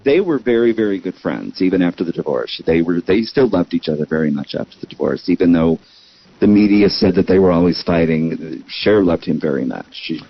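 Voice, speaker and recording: A man's voice: low-pitched, fairly quick, husky, no room sound. A man as a podcast guest in casual chat, telling stories emphatically. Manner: lively, emphatic storyteller. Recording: dull lo-fi sound.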